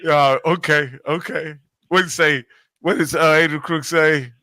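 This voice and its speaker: A man in an energetic sports talk show who leans on his points and repeats himself for emphasis. His voice sits a little high with a bright, forward edge. The sound is dry and close to the mic. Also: normal speed, no echo.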